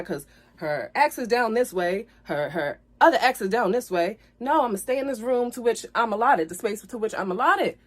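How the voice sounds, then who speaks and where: Woman vlogger, emotional storytime: earnest, apologetic, repetitive, building to heated indignation, on the edge of tears. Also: fairly high pitch. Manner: earnest, apologetic, repeats herself, grows heated. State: tearful at times. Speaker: vlogger telling her side of a breakup.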